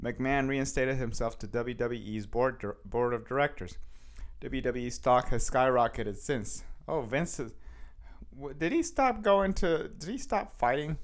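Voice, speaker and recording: A man's voice: medium pitch, moderate pace. Rambling man hosting a solo podcast. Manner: rambling, self-correcting, chuckles between thoughts; reads headlines aloud and riffs on them. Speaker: podcast host. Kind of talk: casual solo podcast chat.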